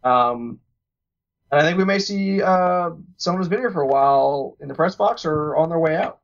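A man's voice: a little high, lively intonation, moderate pace. A young man co-hosting a podcast in casual sports chat, joking and rambling as he restarts his sentences. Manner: joking, rambling, repeats words. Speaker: podcast co-host. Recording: dull lo-fi recording.

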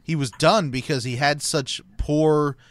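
A man's voice: on the high side, steady tone, unhurried, no echo. A man hosting a hockey podcast, opening the show and chatting in an upbeat, teasing way. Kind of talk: casual sports chat.

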